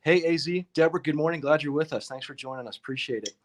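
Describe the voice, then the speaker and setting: A man's voice: a little high, fast, slight background noise. A man hosting a casual live-stream painting lesson, chatty and upbeat, greeting viewers in the chat by name.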